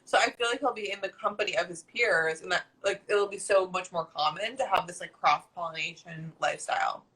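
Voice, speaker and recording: A woman hosting a casual live chat with a bright, forceful voice. She gushes, teases and swears freely, with a playful edge. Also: lowish voice, a little fast, low-quality recording. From New Jersey. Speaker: host.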